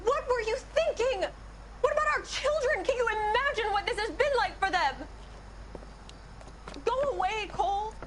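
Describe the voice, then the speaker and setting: A woman's voice: sits high, expressive, normal speed, noisy background. An actress playing a hurt, angry wife who coldly turns away her unfaithful husband in a game cutscene. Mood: bitter, upset. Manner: cold, accusing, clipped.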